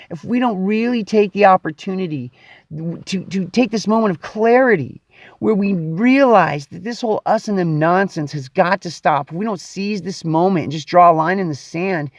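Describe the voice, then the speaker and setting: A man's voice: high voice, no echo, studio quality. A man hosting his own show in a casual, playful monologue, stretching words out for dramatic effect. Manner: playful and theatrical, with drawn-out emphasis. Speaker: show host.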